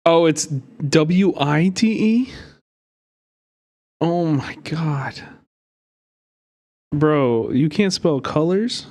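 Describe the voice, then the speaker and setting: Animated cursing male streamer. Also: on the high side, very slow, long pauses. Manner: animated, cursing, mocking, laughs often. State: hiccups. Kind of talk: casual live-stream commentary.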